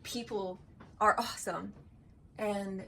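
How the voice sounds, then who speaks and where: A woman talking in a casual home vlog, close to tears and gushing with gratitude, with halting restarts. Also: mid-range voice, fairly even intonation, vocal fry, fairly bright tone, a little hiss or hum, low-quality recording. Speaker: vlogger and wife. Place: home kitchen.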